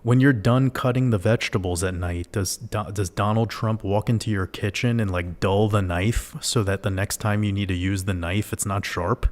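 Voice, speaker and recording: Man, low voice, livestream host, casual monologue, rhetorical questions, swears freely. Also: steady tone, normal speed, few pauses.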